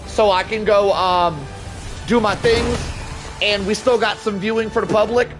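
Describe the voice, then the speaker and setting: A man hosting a live game stream and chatting with his viewers in a loud, excitable, joking way, swearing freely. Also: sits high, unhurried, over music. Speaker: livestream host. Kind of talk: casual live gameplay commentary.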